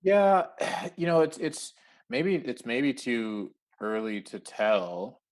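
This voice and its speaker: A man's voice: medium pitch, very animated, takes it slowly. A man talking as a podcast guest in a casual interview, chatty and laughing often as he acts out bits of dialogue.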